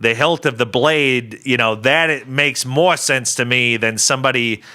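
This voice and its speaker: A man's voice: medium pitch, normal speed. A man co-hosting a podcast, chatting casually and animatedly, mocking scenes by acting them out. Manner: animated, acts out characters mockingly. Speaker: podcast co-host. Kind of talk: casual chat.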